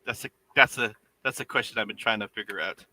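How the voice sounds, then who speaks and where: A man's voice: on the low side, fast talker, pushed and bright, poor audio. A man from New England chatting casually and joking on a livestream about making a puppet, laughing easily and swearing now and then.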